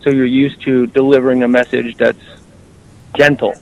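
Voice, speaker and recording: A man's voice: medium pitch, level tone, moderate pace, highs cut off. A man hosting a comedic call-in talk show, brash and joking, swearing freely and rambling. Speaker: host.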